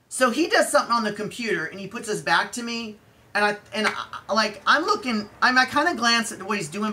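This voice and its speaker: A woman's voice: mid-range voice, slight background noise. A woman telling an exasperated storytime rant about an eye appointment, acting out both sides of the argument. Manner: exasperated, animated retelling with quoted dialogue; conversational with fillers and restarts. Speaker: vlogger.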